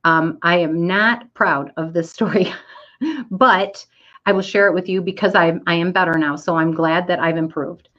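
Middle-aged woman, low-ish voice, candid storyteller, dull lo-fi audio. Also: moderate pace, fairly bright tone. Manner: candid, self-deprecating storyteller. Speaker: speaker to an online audience. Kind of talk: inspirational storytelling talk.

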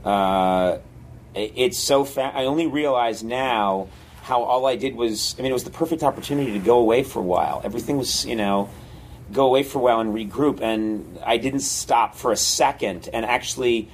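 A man's voice: mid-range voice, normal speed, a little hiss or hum. A man being interviewed as a guest comedian, telling stories animatedly and acting out scenes. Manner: animated, acts out scenes with sudden yelps. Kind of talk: casual interview storytelling.

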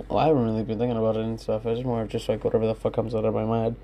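A young adult podcast host rambles candidly from his own room, swearing often as he talks alone to his listeners. His voice is on the low side and mellow, with little pitch movement and a very fast delivery, plus a little hiss or hum in the recording.

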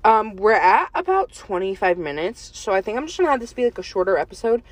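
A woman's voice: medium pitch, very animated, fast. Giggly rambling young woman podcaster. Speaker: podcast host. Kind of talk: casual chat between friends. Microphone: phone.

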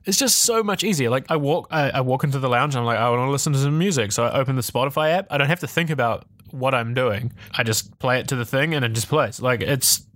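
A man co-hosting a casual tech podcast, talking in an animated, ranty way with swearing and laughter. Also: medium pitch, dry recording. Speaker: podcast co-host.

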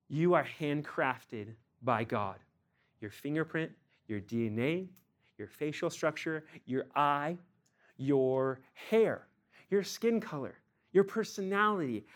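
A young man preaching a sermon, lively and casual, acting out scripture scenes in playful slang. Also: medium pitch.

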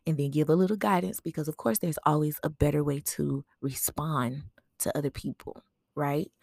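This woman hosts a podcast, and her low, darkish voice holds a steady tone with some vocal fry at an ordinary pace. Reflecting on a personal memorial story, she talks conversationally with fillers and keeps asking "right?" The sound is clean studio audio with no room echo.

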